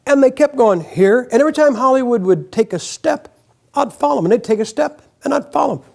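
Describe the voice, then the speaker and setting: A man's voice: very high voice, lively intonation, brisk, vocal fry, darkish tone. An older man preaching a folksy, joking sermon in a church, acting out quotes as he goes. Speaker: guest preacher. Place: church sanctuary.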